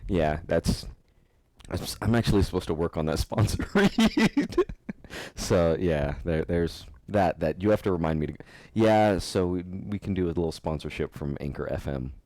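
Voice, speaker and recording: A man hosting a podcast, telling stories in a rambling, animated way and laughing often. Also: low-pitched, moderate pace, dry recording. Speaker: podcast host. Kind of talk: casual podcast chat.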